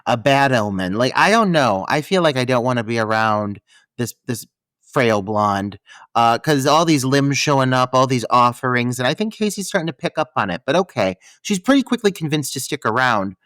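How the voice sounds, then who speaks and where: Sarcastic, profane man with a lively voice. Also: medium pitch, normal speed, no echo. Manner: sarcastic, profane, exaggerated retellings. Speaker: podcast co-host. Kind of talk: casual movie-review chat.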